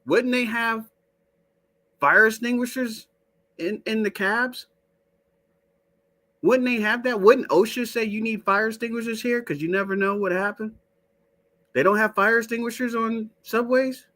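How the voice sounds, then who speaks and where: A high-voiced man hosting a loose live stream. He swears freely, doubts what he is shown, and keeps turning to his chat with a profane, skeptical edge. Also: unhurried, pauses often, bright, forceful tone. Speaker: show host. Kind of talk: casual live-stream talk.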